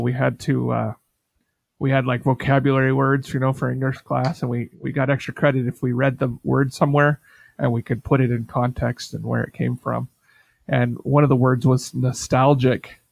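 A man's voice: mid-range voice, little pitch movement, moderate pace, vocal fry. A man co-hosting a podcast in casual chat, telling rambling stories full of "like" fillers. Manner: rambling storyteller, many "like" fillers. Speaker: podcast co-host.

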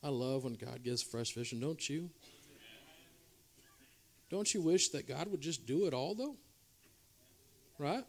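A man preaching a revival sermon as a pastor, swinging between loud exhortation and quiet, confessional asides to the congregation. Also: expressive, unhurried, pauses often. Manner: preaching with shifting loudness, from shouting highs to quiet confessional lows. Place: church revival service.

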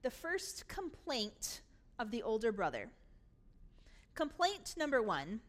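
A woman pastor preaching a sermon, telling the story in an animated way and acting out its scenes. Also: on the high side, slow pace, pauses often.

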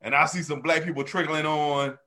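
Speaking a little fast in a fairly high voice, this male comedian co-hosts a podcast and animatedly tells stories. He frequently laughs and performs the voices of people he quotes.

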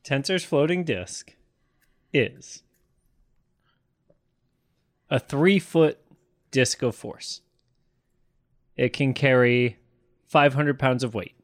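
A man playing a tabletop game, explaining spells and asking quick rules questions. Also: medium pitch. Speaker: player. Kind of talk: casual tabletop game chat.

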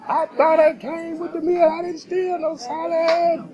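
A man voicing a belligerent male customer who keeps denying he stole a salad, in a squeaky, indignant tone. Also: fairly even intonation, moderate pace, highs cut off.

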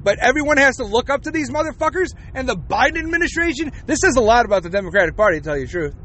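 A man's voice: very high voice, very animated, very fast, bright, forceful tone, a little hiss or hum. A man in his forties hosting a podcast, ranting bluntly with plenty of swearing. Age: 40s. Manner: profane, blunt, heated. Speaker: podcast host. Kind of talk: opinionated podcast rant.

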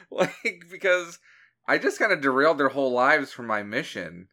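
A man's voice: mid-range voice, big pitch swings, normal speed, bright, forceful tone. A young man co-hosting a casual podcast, chatting and laughing with lots of filler words. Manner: giggly, chatty with many "like"s. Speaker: podcast co-host. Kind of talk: casual chat.

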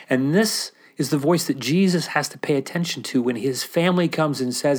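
A man talking about faith in a casual, animated way, often acting out the voices he quotes and using fillers like "like". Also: fairly high pitch, normal speed, few pauses. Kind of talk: casual sermon-style chat.

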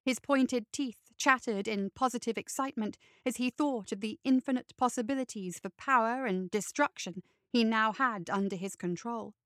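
Bright crisp woman reading a story. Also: a little high, normal speed, hardly any pauses, no echo, clean studio sound. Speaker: narrator.

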